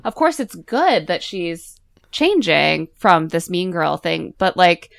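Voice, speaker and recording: A woman's voice: fairly low pitch, sing-song, slow pace, vocal fry, dry recording. A woman chatting on a podcast, wryly recapping a film and acting out quotes from it. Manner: wry, recapping the plot with acted-out quotes. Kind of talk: casual podcast chat.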